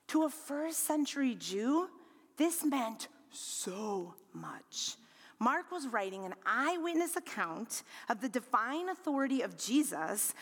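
Expressive woman preaching in a reverberant hall. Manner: expressive, swings from bright emphasis to low quiet lines. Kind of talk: sermon.

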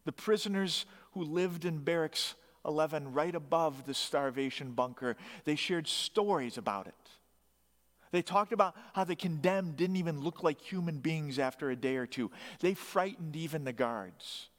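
A man's voice: fairly high pitch, moderate pace, a bit bright. A man preaching, telling a story dramatically with emphatic rising bursts. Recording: long hall reverb.

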